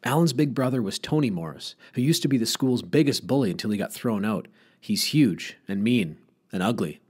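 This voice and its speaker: A man reading an audiobook chapter aloud in an expressive storytelling way. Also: medium pitch, normal speed, husky. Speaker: audiobook reader. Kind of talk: audiobook narration.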